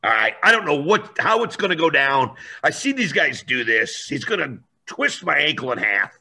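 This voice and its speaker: A man telling a story in a lively, animated way, acting out voices and raising his voice for effect. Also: mid-range voice.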